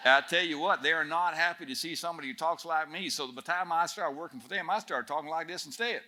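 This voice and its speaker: A man's voice: fairly high pitch, fast talker, a little hiss or hum. A man putting on a brash West Texan drawl. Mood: folksy. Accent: West Texan put-on. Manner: swaggering drawl, loud and teasing.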